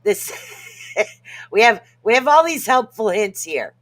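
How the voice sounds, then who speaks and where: This podcast co-host has a medium-pitched, sing-song voice and a measured pace, discussing self-help casually in a bright, forward tone. They crack jokes and laugh off their stumbles over tricky words.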